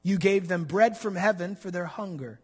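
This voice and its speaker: A man's voice: high voice, normal speed, husky. A middle-aged man preaching a sermon as pastor, explaining scripture and building to emphatic peaks.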